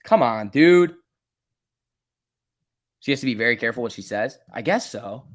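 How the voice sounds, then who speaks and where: A man hosting a live stock trading stream, reading chat questions aloud and muttering about charts, then bursting out excitedly when prices move. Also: medium pitch, quick pace. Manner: casual, swings from mutters to excited outbursts. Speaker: stock trading livestream host.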